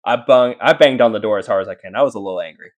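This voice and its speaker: Low-voiced man rambling through a ghost story. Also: rapid-fire. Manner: rambling, many fillers and restarts. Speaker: guest paranormal investigator. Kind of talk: casual storytelling in a podcast interview.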